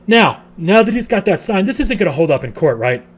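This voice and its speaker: A man's voice: high-pitched, sing-song, fairly quick. A man, a real estate educator, telling a long story in a casual, rambling way with many restarts.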